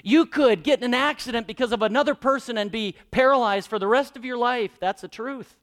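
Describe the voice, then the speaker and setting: A man preaching a sermon, swinging between loud emphatic lines and hushed, quiet asides. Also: very high-pitched, fairly quick. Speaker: pastor.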